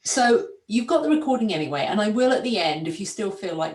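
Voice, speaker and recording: Animated woman coach on an echoey call. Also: medium pitch, fast, far from the mic, a little hiss or hum. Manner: encouraging, animated, gently directive. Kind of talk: coaching session.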